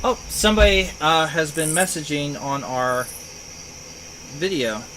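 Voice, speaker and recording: A high-voiced man chatting as a player at a tabletop game. He drifts into long, eager tangents. A faint hum sits behind his voice. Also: lively intonation, a little slow, bright, forceful tone, low-quality recording. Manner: rambling, enthusiastic tangents. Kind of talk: casual tabletop game chat.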